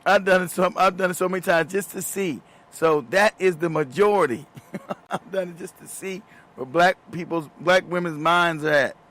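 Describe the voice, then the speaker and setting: Fired-up guy ranting on his show, swears a lot, laughs a bunch, voice sits kinda high. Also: normal speed, fairly bright tone. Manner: emphatic and profane, laughs often mid-sentence. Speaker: show host. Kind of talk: casual commentary monologue.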